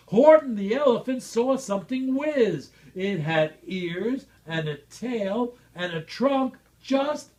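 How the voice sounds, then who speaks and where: Expressive slow read-aloud storyteller. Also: mid-range voice. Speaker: reader at a school reading event. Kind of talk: reading a rhyming picture book aloud.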